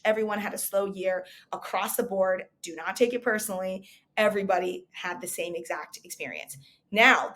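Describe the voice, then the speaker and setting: A woman in her thirties gives a motivational market update as a recruitment coach, speaking at a medium pitch. She is energetic and emphatic, hammering her points home with repeated rhetorical questions.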